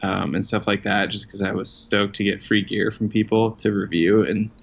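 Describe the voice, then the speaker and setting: A man's voice: on the low side, steady tone, moderate pace, creaky, slightly rough. A man being interviewed as a guest, talking in a casual, self-deprecating, rambling way with lots of fillers. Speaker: guest, outdoor writer. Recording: dull lo-fi sound.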